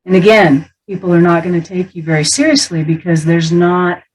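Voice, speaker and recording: A middle-aged woman teaches about the speaking voice as a voice coach, with a voice sitting a little low for a woman. She talks in an animated, playful way. Now and then she slips into quick demonstration voices. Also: slightly rough, rough recording.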